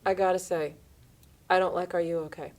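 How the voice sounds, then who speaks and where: A woman's voice: lowish voice, brisk. A woman in her thirties or forties hosting a casual radio chat, acting out quoted lines in changing voices. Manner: animated, acts out quoted lines in shifting voices. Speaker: radio show host.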